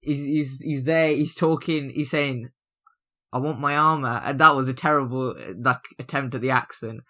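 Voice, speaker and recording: A man's voice: medium pitch, fairly even intonation, moderate pace, a bit bright. A man co-hosting a casual review chat, rambling with many fillers and restarts. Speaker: review show co-host.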